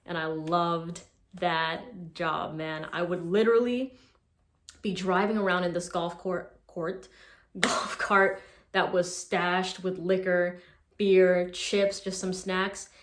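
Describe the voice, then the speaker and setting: A woman's voice: on the low side, slow pace. Chatty young woman in an echoey room. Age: 20s. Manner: chatty, animated retelling with filler "like". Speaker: social media creator. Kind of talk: casual storytelling vlog.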